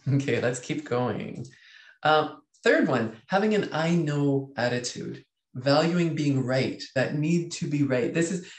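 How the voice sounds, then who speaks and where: A man, a leadership coach teaching a webinar in a lively way, reading out chat comments and acting out inner voices. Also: mid-range voice, roomy sound.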